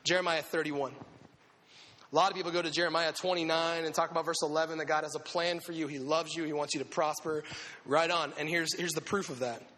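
High, bright-voiced man preaching in a hall. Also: fairly quick. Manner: animated and conversational, acting out quotes. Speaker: preacher speaking to young people. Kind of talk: sermon. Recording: long echoing hall reverb.

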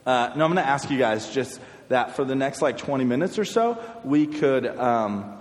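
A man's voice: mid-range voice, expressive, moderate pace. A man preaching informally to a youth group in a church hall. His talk is chatty and loose, often repeating words. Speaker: youth pastor. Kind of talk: casual youth sermon. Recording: echoey hall with long reverb.

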